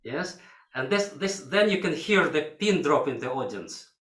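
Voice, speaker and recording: A man's voice: on the high side, expressive, moderate pace, fairly bright tone. An older man with a coaching a violinist in a masterclass, singing phrases to demonstrate, in broken English. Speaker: violin teacher. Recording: echoey hall. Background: violin playing.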